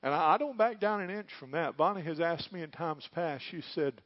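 Middle-aged male pastor, fervent sermon, fairly high voice, dry and muffled recording. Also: animated, a little fast, hardly any pauses, dry recording. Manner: fervent preaching, swinging from loud cries to hushed tones.

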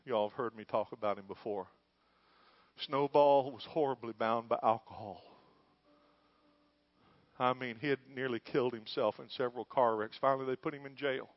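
A man's voice: mid-range voice, steady tone, normal speed, dry recording. A man, a pastor preaching a sermon and telling a story with growing fervor. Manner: storytelling, building to fervent shouting. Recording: dull dry lo-fi.

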